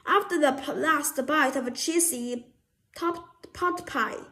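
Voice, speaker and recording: A woman's voice: high-pitched, takes it slowly, sharp tone. A woman reading a children's storybook aloud, often stumbling and restarting words.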